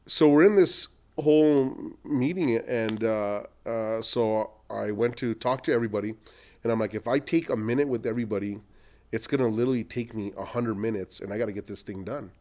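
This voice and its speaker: Middle aged guy telling big life stories on a podcast, animated, does the voices of people he's quoting. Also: on the low side, fairly quick. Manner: animated anecdotes, acts out quoted people. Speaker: entrepreneur guest. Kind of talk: storytelling in a podcast interview.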